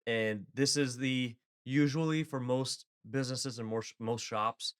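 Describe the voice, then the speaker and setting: A man's voice: medium pitch, fairly even intonation, measured pace, smooth. A man co-hosting a casual podcast, talking loosely and steering the chat with questions. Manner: conversational, leads the topic with questions. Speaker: podcast co-host.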